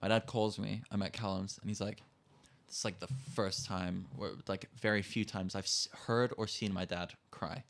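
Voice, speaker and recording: A man's voice: on the low side, steady tone, normal speed, vocal fry, fairly bright tone. A teenage man, a podcast guest, telling candid, emotional stories in casual chat and swearing freely. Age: teens.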